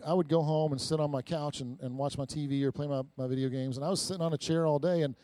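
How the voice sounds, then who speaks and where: In a laid-back, story-filled conversational sermon, a middle-aged pastor frequently restarts and repeats himself. His voice runs slightly high for a man, and the close, dry recording has almost no room echo.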